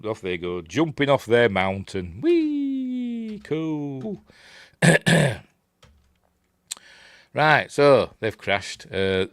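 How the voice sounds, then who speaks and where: A Yorkshire man reviews a film in a loose, chatty ramble, full of self-deprecating asides. His voice sits low but swings widely in pitch. The sound is dry and close, with no room around it. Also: no room sound. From Yorkshire, England. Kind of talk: casual rambling film commentary.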